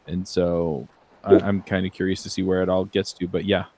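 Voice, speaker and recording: A man's voice: low voice, little pitch movement, normal speed, a little mellow, slight background noise. A man co-hosting a podcast, chatting casually with many ums and restarts. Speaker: podcast co-host. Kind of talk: casual chat.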